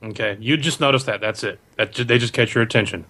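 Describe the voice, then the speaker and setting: A man runs a tabletop role-playing game as game master. He narrates in an easygoing, ad-libbed way and laughs often between lines. His voice sits at a middle pitch. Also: quick pace, sharp tone.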